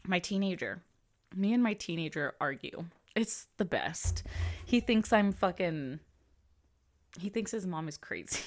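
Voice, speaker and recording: A woman's voice: medium pitch, big pitch swings, normal speed, fairly bright tone. A woman in her thirties giving casual, blunt commentary as a vlogger. She swears freely and drops into whispered asides.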